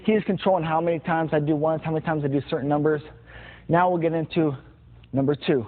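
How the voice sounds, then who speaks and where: A man teaches boxing combinations, calling out each punch and counting through the moves as he demonstrates them. His voice sits a bit high. The sound is thin and phone-like, with steady noise underneath. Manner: plain, repetitive instruction with punch sounds. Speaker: boxing instructor.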